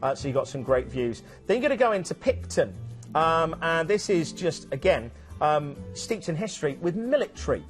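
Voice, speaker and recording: Man, cruise TV presenter, a bit high-voiced, chatty with lots of ums, music faintly behind. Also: big pitch swings, normal speed. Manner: chatty, many ums and restarts. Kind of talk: enthusiastic travel sales chat.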